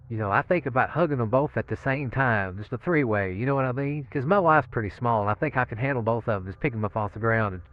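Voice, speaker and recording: Rambling inmate, man, mid-pitch voice, muffled phone-like audio, chuckles through his stories. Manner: rambling, laughing, repeats 'you know what I'm saying'. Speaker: death row inmate. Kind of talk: recorded interview, storytelling.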